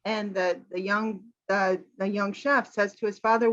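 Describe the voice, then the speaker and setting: An American woman, an English teacher, chatting casually about a film with animated quoting. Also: mid-range voice, a little slow, lo-fi sound. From United States. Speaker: English teacher, channel host.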